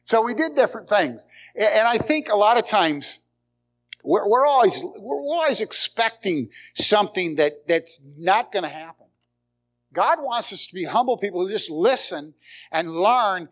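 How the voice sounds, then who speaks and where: A man preaching a sermon as pastor, with dynamic swings from loud emphasis to near whispers and frequent repeated words. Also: high-pitched, big pitch swings, normal speed. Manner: repeats words and restarts phrases.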